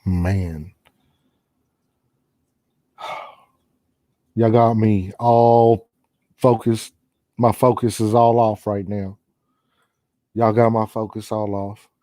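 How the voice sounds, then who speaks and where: A man's voice: fairly low pitch, fairly even intonation, very slow, long pauses, dark tone, no room sound, studio quality. A man from Chicago hosting a paranormal livestream, chatting casually and laid-back with viewers and calling on spirits. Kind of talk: casual live chat.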